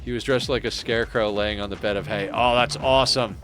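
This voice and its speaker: A man's voice: lowish voice, steady tone, fairly quick, over music. A man casually commenting on his game as he plays, chatting with viewers and thinking aloud. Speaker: streamer.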